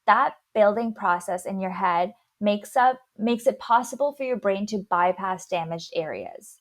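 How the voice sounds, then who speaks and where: A woman's voice: mid-range voice, unhurried. A woman hosting a podcast, walking through a science topic in casual chat. She has a slight lisp and a mid-range voice. She stumbles and restarts on long words. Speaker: podcast host.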